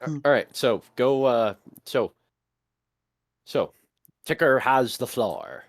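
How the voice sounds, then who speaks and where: Lively man playing a tabletop game. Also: mid-range voice, slow pace, vocal fry, no echo, studio quality. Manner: animated, playful. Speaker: player. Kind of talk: casual tabletop game chat.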